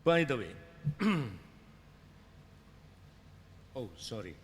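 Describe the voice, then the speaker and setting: A man's voice: mid-range voice, sing-song, measured pace, a little hiss or hum. A man with an Indonesian accent giving a conference lecture, hesitant with many fillers and restarts. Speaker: conference keynote speaker. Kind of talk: academic lecture. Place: conference hall. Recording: hall reverb with faint ambience.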